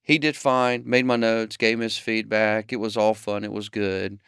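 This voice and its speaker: A man's voice: fairly low pitch, normal speed, clear, resonant tone, no echo. Dry-sounding man telling a story. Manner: animated storyteller acting out dialogue. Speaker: podcast host. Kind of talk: storytelling anecdote, then closing wrap-up.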